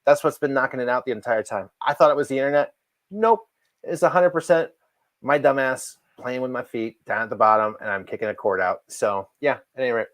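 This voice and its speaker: A man's voice: mid-range voice, fairly quick, a bit bright, dry recording. A man co-hosting a comic book livestream, chatting in an easygoing way with frequent restarts. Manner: easygoing, stumbling restarts, self-mocking. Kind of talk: casual chat.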